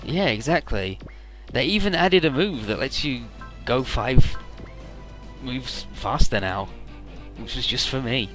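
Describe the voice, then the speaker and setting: A man's voice: medium pitch, animated, takes it slowly, pauses often, a bit bright, faint music behind. A man giving casual let's-play commentary, rambling through retellings with swearing.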